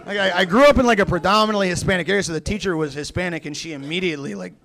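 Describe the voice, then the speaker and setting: A man's voice: sits high, a bit bright. Rambling young male stand-up comic. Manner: rambling, halting delivery full of fillers and restarts; acts out other people's lines in shifting voices. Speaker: stand-up comedian. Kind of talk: stand-up comedy set. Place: comedy club stage before a live audience.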